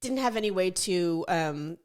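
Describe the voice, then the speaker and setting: A woman's voice: on the low side, expressive, a little slow, a little mellow, smooth. A woman co-hosting a podcast in casual chat, telling self-mocking stories with frequent laughter and an American accent. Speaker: podcast co-host.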